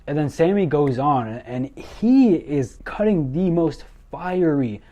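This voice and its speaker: A young man excitedly recapping a wrestling show, gushing and repeating himself as he goes. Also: fairly high pitch, takes it slowly. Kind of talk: enthusiastic recap commentary.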